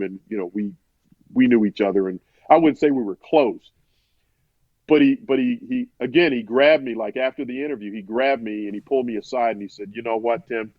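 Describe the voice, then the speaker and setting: A medium-pitched sportswriter guest rambles through a story about an interview, often restarting and quoting others in his own voice. There's no room sound; the podcast audio is dull and dry.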